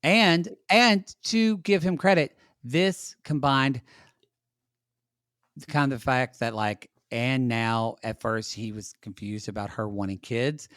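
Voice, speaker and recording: A man's voice: medium pitch, slow pace, a bit bright, no room sound, studio quality. A man guest on a podcast, chatting casually about reality TV in an opinionated, joking way. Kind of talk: casual chat.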